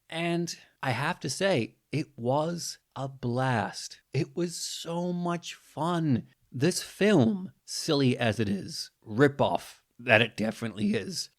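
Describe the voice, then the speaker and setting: A man with a New Zealand accent, hosting a podcast and telling a story in a casual, animated monologue. He jumps up in pitch to stress his points. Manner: animated, jumping in pitch for emphasis. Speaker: podcast host.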